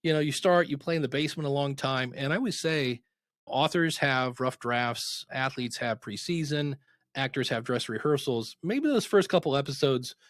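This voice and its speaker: A man guesting on a podcast interview, coaching new podcasters through lively stories and acting out quoted dialogue. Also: mid-range voice, moderate pace, dry recording, clean studio sound. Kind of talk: casual interview storytelling.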